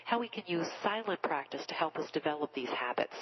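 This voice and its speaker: Low-voiced woman hosting a radio interview. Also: expressive, highs cut off, a little hiss or hum. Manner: halting questions with fillers. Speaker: interview host.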